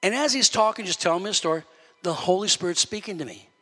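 A man preaching a sermon as pastor, telling a story and building to loud preaching. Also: high-pitched, animated, fast talker. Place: church sanctuary. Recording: long hall reverb.

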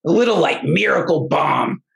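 Gravelly man telling a rambling story. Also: fairly high pitch, animated, moderate pace, fairly bright tone, poor audio. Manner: rambling, full of restarts and fillers; emotional, earnest. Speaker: podcast guest. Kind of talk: casual personal storytelling.

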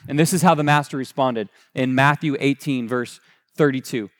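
A man's voice: medium pitch, moderate pace. A male pastor giving a sermon in a conversational way, often restarting phrases and correcting himself, and retelling scripture in casual everyday wording. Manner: conversational preaching with frequent restarts and self-corrections.

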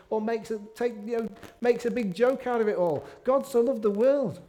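High-voiced preacher, chatty. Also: male voice, mellow. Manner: conversational, with self-deprecating asides. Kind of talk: sermon. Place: church meeting room.

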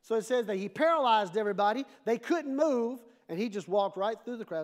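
A man preaching a sermon as pastor, animated, with playful asides to the congregation. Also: high-pitched, brisk.

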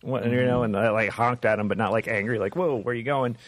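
A man's voice: mid-range voice, steady tone, fast talker, dry recording. A man in casual comedic chat, laid-back and teasing as he tells stories.

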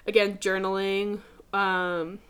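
A woman's voice: mid-range voice, level tone, slow, fairly bright tone, clear, resonant tone. A young adult woman hosting a podcast, talking casually and emphatically, swearing freely and calling listeners dude. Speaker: podcast host. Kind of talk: casual motivational podcast talk.

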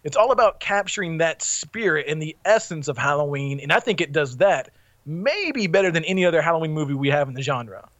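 A man with a somewhat high voice on a podcast panel, recorded dry and close. He rambles through his thoughts, stopping and restarting as he goes. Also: expressive, brisk, fairly bright tone, dry recording, muffled recording. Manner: rambling, many fillers and restarts. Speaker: podcast co-host. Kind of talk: casual podcast discussion.

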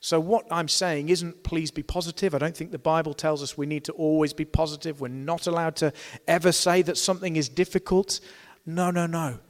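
A man's voice: on the high side, steady tone, fairly quick, in a large hall. A man preaching a sermon, earnest, asking rhetorical questions and acting out the complaints of a crowd in raised tones.

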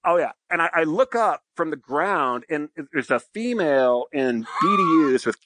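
A middle-aged man, a pilot and podcast guest, telling a crude story in a casual, animated way and tagging lines with "right?". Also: on the high side, moderate pace.

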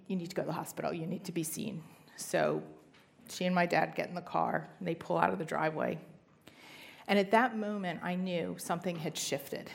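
A middle-aged woman gives a personal faith testimony in a low, gravelly voice. She tells her story earnestly, with emphatic rises in pitch. Her delivery has the feel of a heartfelt talk. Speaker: speaker sharing testimony.

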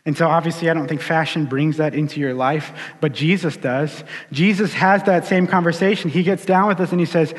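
A man preaching a sermon in a casual, animated storytelling way. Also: a little high, a little fast, hardly any pauses. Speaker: pastor. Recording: long hall reverb.

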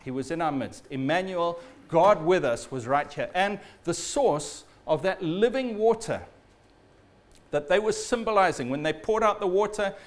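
A man preaching a sermon in a storytelling way, often dropping low and quiet at the ends of phrases. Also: expressive, normal speed.

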